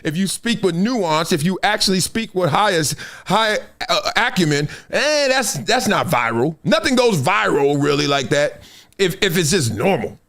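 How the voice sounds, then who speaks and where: Animated male sports talk host. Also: high-pitched. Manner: emphatic, talks straight to viewers, acts out other people's lines. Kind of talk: animated live sports commentary.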